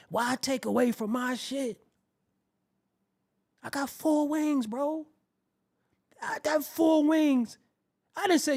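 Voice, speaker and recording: A man hosting his show, telling a comedic, profane story in an animated way and acting out the quoted voices. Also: high-pitched, gravelly. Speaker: show host.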